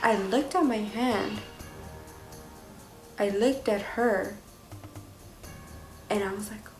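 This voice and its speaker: A young woman, casually telling a personal story to camera in an animated, slangy way. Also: medium pitch, takes it slowly, reverberant, soft background music, low-quality recording. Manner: animated, swears freely, slangy. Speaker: vlogger.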